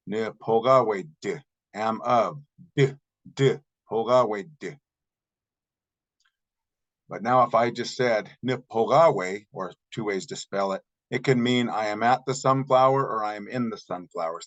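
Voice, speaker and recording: A man teaching a recorded language lesson, slowly repeating example words and explaining the grammar step by step. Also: lowish voice, poor audio. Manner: patient, slow repetition of example words.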